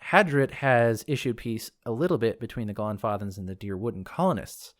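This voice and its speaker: A man's voice: medium pitch, brisk. A man hosting a lore podcast, reading from a book and wandering into casual asides as he thinks aloud. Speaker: podcast host discussing game lore.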